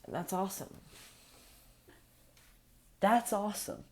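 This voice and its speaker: A young woman talking casually and earnestly to camera, meandering through thoughts with fillers and soft laughs, in an affirming, spiritual way. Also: medium pitch, expressive, slow. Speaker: vlogger. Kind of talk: casual reflective monologue.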